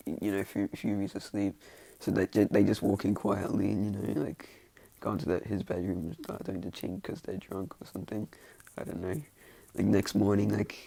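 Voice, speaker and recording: A man's voice: low-pitched, creaky, dark tone, slightly rough, dry recording. A man casually telling a fan-made story in a rambling, hesitant way, restarting often and chuckling along.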